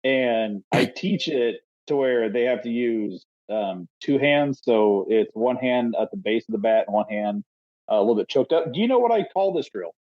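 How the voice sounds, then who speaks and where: A man in mid-pitch talks loosely on a podcast, circling back and restarting his sentences as he tells a coaching story. His voice comes through a slightly dull, lo-fi recording. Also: animated, normal speed, a little mellow, dry recording. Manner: rambling storyteller with many restarts. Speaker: podcast co-host, youth baseball coach. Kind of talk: casual chat.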